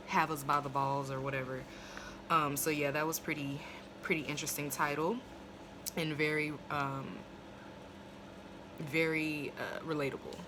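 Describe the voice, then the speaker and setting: A woman's voice: low-pitched, background noise. A woman casually reviewing a TV episode into her phone. She swears freely, talks in long run-on asides, and gets fired up and indignant. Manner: fired-up and indignant when ranting.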